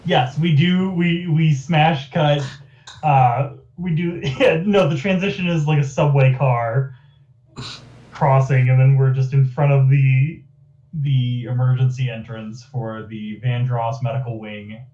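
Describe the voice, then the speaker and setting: A man's voice: mid-range voice, steady tone, measured pace, warm tone, echoey room, distant mic, lo-fi sound. A man narrating as game master of a tabletop game, with a loose, chatty delivery and many fillers.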